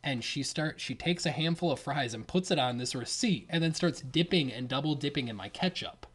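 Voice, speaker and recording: Young man, animated laughing storyteller, casual slangy chat. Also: on the high side, a little fast, husky. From Detroit, Michigan.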